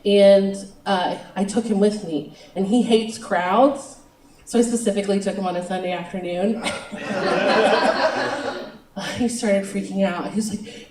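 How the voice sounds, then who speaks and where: A woman's voice: medium pitch, fairly even intonation, a little slow, pauses often, warm tone, recorded from a distance, slight background noise. A young woman doing a stand-up comedy set, chatty and self-mocking, giggling between lines. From United States. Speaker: stand-up comic. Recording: roomy venue, picked up from afar.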